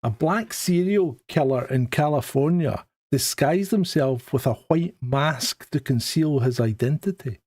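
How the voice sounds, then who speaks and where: A man's voice: fairly high pitch, expressive, measured pace, hardly any pauses, a little mellow. A Scottish man co-hosting a live stream in casual chat, joking and laughing at his own remarks. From Scotland. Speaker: co-host of a live show.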